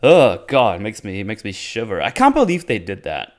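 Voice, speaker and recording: A man's voice: fairly low pitch, huge pitch swings, normal speed. A man hosting a casual episode recap, blunt and sarcastic, swearing and restarting his sentences. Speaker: YouTube show host.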